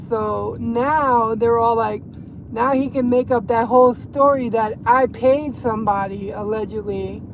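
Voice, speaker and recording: A woman gossiping on a casual livestream from her car, swearing and rambling as she drives. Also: a little high. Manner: profane, rambling, laughing. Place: inside a car, driving. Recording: road noise behind.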